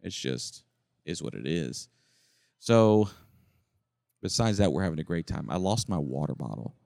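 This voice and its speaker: A man's voice: deep voice, expressive, a little slow, creaky, darkish tone, no room sound, clean studio sound. A middle-aged man co-hosting a podcast in casual chat, rambling and describing what he sees around him at a campground. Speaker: podcast co-host. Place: campground, indoors in a noisy shared space.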